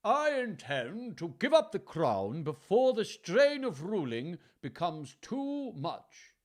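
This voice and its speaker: A man's voice: high-pitched, huge pitch swings, slow pace, voice pushed up, exaggerated voice. A man voicing a very proper, aged king in a storybook reading, speaking in a prim, posh and stately way. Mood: grave, formal.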